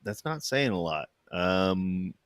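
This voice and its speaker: A man co-hosting a casual pop-culture chat, animated and hesitant with many fillers. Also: deep voice, slow pace, dry recording, studio quality. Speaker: podcast co-host.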